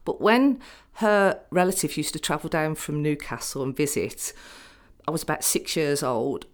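An older woman with a Birmingham accent, first carefully reading a set passage aloud and then chatting about her upbringing. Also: deep voice. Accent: Birmingham English. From Birmingham, England. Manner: measured, careful reading; chatty when recalling.

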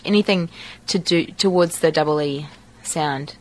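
A woman's voice: low voice, a little slow, low-quality recording. A woman from New Zealand with a New Zealand accent, reading a short passage and then talking casually about her accent, with many ums and restarts. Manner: relaxed, with frequent ums and restarts. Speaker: dialect archive speaker.

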